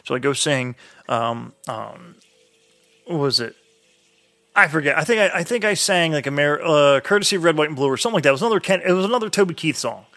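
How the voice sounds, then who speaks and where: A man with a bright, somewhat high voice and a slight lisp, who has been drinking. He tells a rambling, profane story in a loose, casual chat, restarting his sentences again and again. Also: expressive, quick pace.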